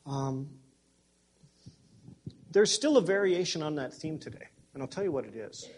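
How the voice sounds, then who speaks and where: A man's voice: on the high side, lively intonation, moderate pace, pauses often, a little mellow, slightly rough. A man pastor preaching a sermon in a conversational way, with folksy humor, and speaking directly to people in the congregation. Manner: addresses congregation members directly.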